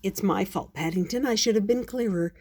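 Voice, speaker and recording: A woman's voice: mid-range voice, a little fast, a little hiss or hum, close to an everyday voice. An older woman voicing a kind, patient old male shopkeeper in a storybook reading. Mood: kindly. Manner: gentle and encouraging.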